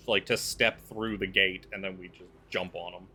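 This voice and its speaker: A man playing a tabletop game, chatting quickly about tactics. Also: low-pitched, steady tone, bright, forceful tone, slight background noise. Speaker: player. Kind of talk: casual chat at a tabletop game.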